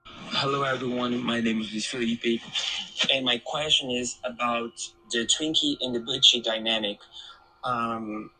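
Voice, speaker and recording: A man's voice: medium pitch, fairly even intonation, unhurried, pushed and bright, husky, poor audio. A man leaving a careful, slightly hesitant voice message with a question. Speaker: listener sending a question.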